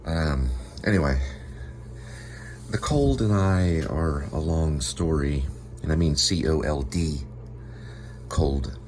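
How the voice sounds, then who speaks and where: A man's voice: very deep voice, slow pace. A man from Texas chatting casually at home for his vlog, rambling with lots of fillers and corny jokes. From Texas, USA. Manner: rambling, many fillers, jokey. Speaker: vlogger. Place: at home indoors. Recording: steady background noise.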